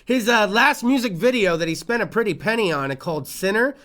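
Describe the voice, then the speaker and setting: A man hosting a casual late-night talk show, loud and profane, swinging between yelling and muttering. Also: high-pitched, lively intonation, fairly quick. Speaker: host.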